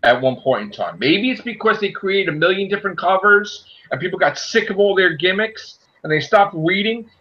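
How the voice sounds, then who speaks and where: High, bright-voiced ranting man. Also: dull audio. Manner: animated, ranting, acts out quotes in a high shouty voice. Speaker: podcast host. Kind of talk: casual group chat.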